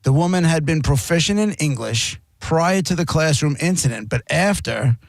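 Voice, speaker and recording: Man, radio host, somewhat high voice, wry and amused, dry studio sound. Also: expressive, normal speed, creaky, dry recording. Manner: reads news stories aloud, amused and wry. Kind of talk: casual chat.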